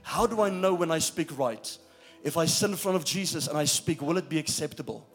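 Male pastor, higher-pitched, emphatic preacher who engages the room, faint music bed. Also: brisk. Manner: emphatic preaching that checks in with the congregation. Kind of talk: sermon.

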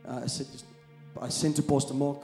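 A man preaching a sermon as pastor, shifting from quiet storytelling to loud calls to the congregation. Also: medium pitch, flat delivery, fairly quick, roomy sound, faint music behind.

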